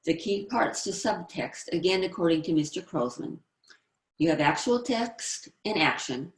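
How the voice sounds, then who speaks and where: Low-voiced woman teaching screenwriting. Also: animated, moderate pace, roomy sound. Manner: explanatory, reads out example lines. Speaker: screenwriting presenter. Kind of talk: instructional presentation.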